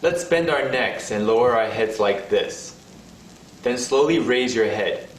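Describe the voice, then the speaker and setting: A man narrates a recorded lesson at a slow, careful pace, holding out each demonstrated vowel. His voice sits at a middle pitch. The recording is roomy and sounds set back from the mic, as if played in a room. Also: lively intonation, far from the mic, slight background noise. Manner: slow, carefully paced delivery with sung and held vowel demonstrations. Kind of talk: scripted instructional narration.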